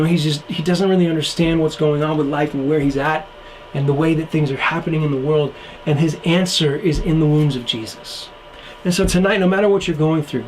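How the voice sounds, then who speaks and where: A young man with a high voice gives an online youth sermon, earnest and casual, dropping slang and acting out the people in the story. Faint noise sits under the recording. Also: darkish tone, poor audio. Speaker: youth pastor.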